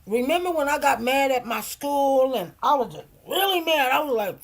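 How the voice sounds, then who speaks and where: A woman's voice: high voice, animated, normal speed. A middle-aged woman hosting a casual livestream, telling stories and preaching in an emphatic, heartfelt way. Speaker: livestream host.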